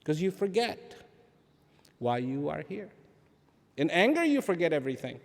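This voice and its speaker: Animated man speaking in a reverberant hall. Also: on the high side, moderate pace, creaky. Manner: animated, uses rhetorical questions, repeats phrases for emphasis. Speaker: speaker addressing an audience. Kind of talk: inspirational public talk. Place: large event hall.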